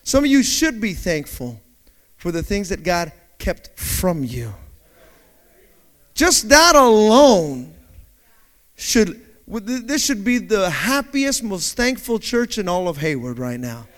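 Male pastor, high and expressive voice, storytelling sermon that rises to shouting. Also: slow. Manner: storytelling that builds to shouted preaching. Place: church.

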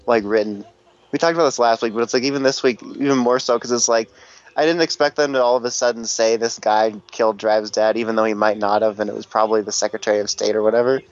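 Tired, nasal man in casual chat. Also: medium pitch. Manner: rambling, joking, swearing often. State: stuffed-up nose, tired. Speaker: podcast co-host. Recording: dull lo-fi sound.

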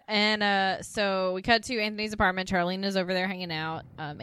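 A woman co-hosting a podcast, casually recapping a TV episode and acting out the characters' lines. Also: fairly low pitch. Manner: acts out characters' lines with lively voice shifts. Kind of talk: casual chat.

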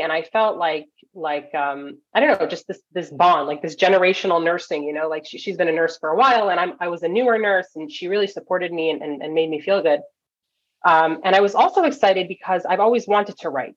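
A woman from Toronto, a nurse coach, telling a story as a podcast guest, animated and full of quick asides. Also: fairly low pitch. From Toronto, Canada. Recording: dull lo-fi audio.

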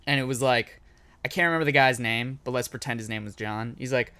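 Male podcast co-host, mid-pitched, spins long anecdotes with quoted voices. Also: fairly quick, bright, forceful tone, clean tone. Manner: rambling storyteller, acts out quoted people. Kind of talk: casual movie podcast chat.

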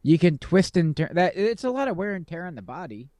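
A man's voice: high voice, very animated, fairly quick, warm tone, no room sound. A man co-hosting a podcast in casual chat, rambling with lots of ums and playful sarcasm. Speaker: podcast co-host.

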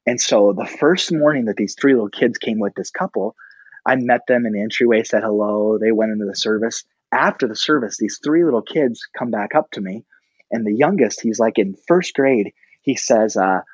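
A middle-aged man, a pastor, telling a personal story casually and animatedly, often jumping up in pitch for the voices he quotes. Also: moderate pace, breathy edge, dry recording, highs cut off. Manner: animated, breaks into high-pitched quoted reactions.

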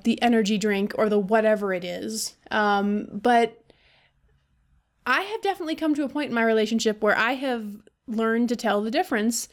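A woman hosting a podcast, talking casually and venting with a lot of swearing and laughter. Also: a little high. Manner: profane, venting, animated with laughs. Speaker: podcast host. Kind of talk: casual monologue.

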